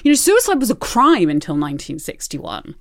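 Frank, expressive woman guest. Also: brisk, gravelly. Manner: frank and expressive, swears casually, wide swings in pitch. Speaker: podcast guest, writer. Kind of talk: candid conversational interview.

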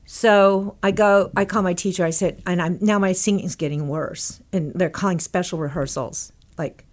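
Older Texas woman telling lively stories. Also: lowish voice, normal speed. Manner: lively storyteller, acts out quotes, laughs often. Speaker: guest. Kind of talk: animated storytelling in an interview.

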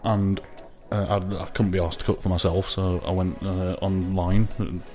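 A man's voice: sits low, little pitch movement, moderate pace, dark tone. A man co-hosting a casual podcast chat, laid-back with dry one-liners. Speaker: podcast co-host.

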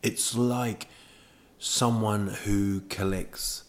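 A man's voice: lowish voice, fairly even intonation, drawn-out words. A man hosting a podcast, telling a rambling comic monologue full of digressions and self-mocking asides. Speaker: podcast host.

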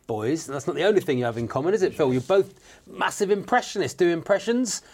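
Brisk male host of a comedy panel. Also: on the high side, animated, a little mellow. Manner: brisk, scripted introductions then banter.

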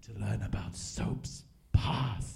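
Brief: a man as a very dark, ominous tiny pearly man, solemn and slow, mid-range pitch. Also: steady tone, creaky. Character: mysterious tiny pearly-faced man, male. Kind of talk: improvised comedy scene.

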